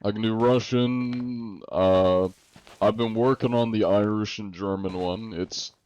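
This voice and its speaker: A man's voice: on the low side, fairly even intonation, a little slow, a little mellow, clear, resonant tone, muffled recording. An American man streaming, chatting casually with viewers in a rambling way, with laughs and many fillers. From United States.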